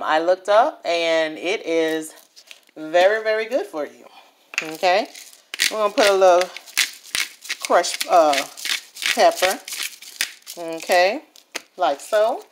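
A woman's voice: medium pitch, a little hiss or hum. A woman chatting through a home cooking vlog in her kitchen, often checking in with viewers. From New Orleans, USA. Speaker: home cook.

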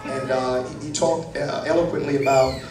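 A man preaching a live church sermon, joking with the congregation and swinging from quiet asides to shouted praise. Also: mid-range voice, steady tone, normal speed, distant mic. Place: large church hall with congregation. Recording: echoey hall, crowd, from off-mic. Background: congregation responding.

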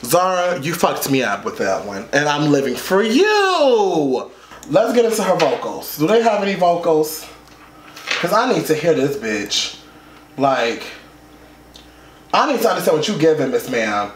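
A man's voice: fairly high pitch, wildly swooping pitch, a little slow, slight background noise. A man reacting to a music video in casual commentary, flamboyant and profane, gasping and close to tears. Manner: flamboyant, sassy and profane, with gasps and squeals. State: emotional, near tears. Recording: echoey room with music playing behind.

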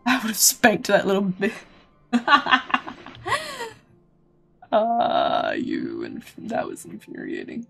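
A woman's voice: mid-range voice, wildly swooping pitch, slow pace, gravelly, pauses often, a bit bright, soft background music. A woman streaming a video game, talking casually and swearing freely as she reacts to the story. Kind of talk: casual gameplay commentary.

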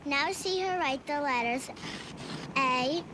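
A woman voicing a cheerful narrator of a children's TV segment, reading slowly in a bright, sing-song storybook manner. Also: high-pitched, background noise.

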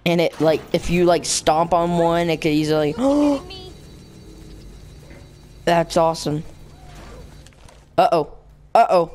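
A young man hosting a let's play, rambling with lots of fillers and bursting into yelling at the game. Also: fairly high pitch, flat delivery, a little slow, pauses often, faint music behind. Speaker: gaming channel host.

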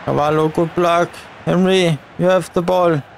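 A young man commentating his own football video game match as he plays, cheering, chanting and shouting at the referee. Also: a little high, fairly even intonation, normal speed, vocal fry, a little hiss or hum. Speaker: gaming channel host. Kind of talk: live gameplay commentary.

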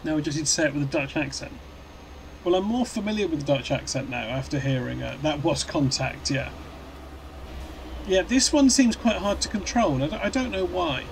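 A man's voice: a little high, lively intonation, brisk, creaky, a little hiss or hum, low-quality recording. Chatty man streaming a game. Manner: rambling and good-humoured, answering chat with many restarts. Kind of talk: live-stream chat while playing a truck game.

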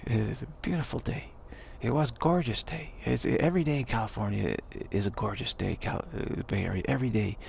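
A man's voice: fairly low pitch, a little fast, few pauses, a little hiss or hum. A middle-aged man giving a rambling, enthusiastic pep talk, repeating himself and chuckling often. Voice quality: gravelly. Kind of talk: rambling motivational monologue.

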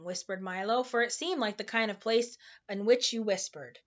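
A woman reading a children's novel aloud in a relaxed, informal way, tripping over hard words now and then. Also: mid-range voice, moderate pace, hardly any pauses, highs cut off. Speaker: storybook reader.

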